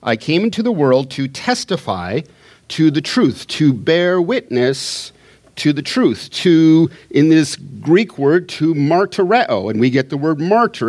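A man preaching a sermon, teaching a Bible passage in a conversational way and paraphrasing the dialogue as he goes. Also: on the high side.

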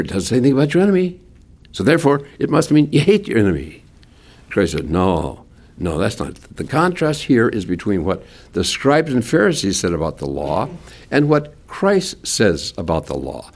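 A man preaching a sermon as a pastor, lively and folksy with homespun sayings. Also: medium pitch.

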